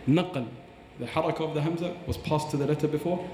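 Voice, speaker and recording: A fast-talking man with a mellow voice explains recitation like a patient teacher, slipping into recited Arabic phrases. He sounds roomy, with a long reverb trailing his words in a large hall. Faint ambience sits behind him. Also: a little high, a little hiss or hum. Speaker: Quran teacher. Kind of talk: podcast explanation.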